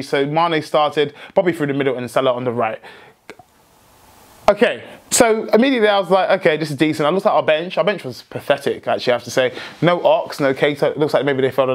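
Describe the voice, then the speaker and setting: A young man hosting a football fan vlog, talking excitedly with many restarts and outbursts. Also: a little high. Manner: excitable, rambling, frequent restarts, shouts in joy. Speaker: football fan channel host.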